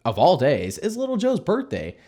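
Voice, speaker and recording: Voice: medium pitch, huge pitch swings, moderate pace, mellow. A reviewer giving a comedic, wry rundown of a cartoon episode. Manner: wry, sarcastic commentary. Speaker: video reviewer.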